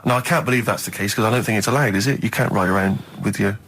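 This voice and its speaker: A male radio host joining casual banter with dry, deadpan quips. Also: on the low side, quick pace, husky.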